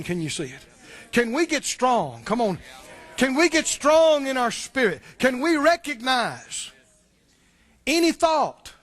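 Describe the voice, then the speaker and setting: A male pastor preaching a sermon, animated and full of rhetorical questions. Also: very high-pitched.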